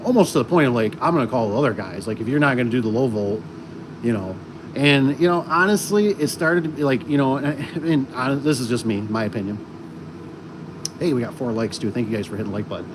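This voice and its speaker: A man's voice: mid-range voice, brisk. A man who installs garage doors chatting casually on a livestream, rambling with many fillers and restarts. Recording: noisy, with air conditioning and vehicle sounds.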